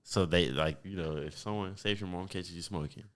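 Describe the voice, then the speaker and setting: A young man from Texas hosting a podcast, talking in a relaxed, rambling and profane way. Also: low-pitched, fairly quick. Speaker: podcast host. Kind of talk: casual chat.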